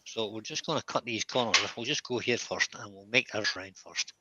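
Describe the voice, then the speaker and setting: A man giving a relaxed, chatty woodturning demonstration in his workshop. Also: fairly low pitch, normal speed, muffled recording, very noisy.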